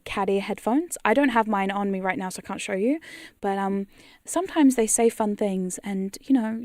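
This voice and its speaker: A woman's voice: mid-range voice, a little mellow, no room sound, clean studio sound. A woman ASMR streamer chatting casually on a live stream, giggly and rambling with casual swearing.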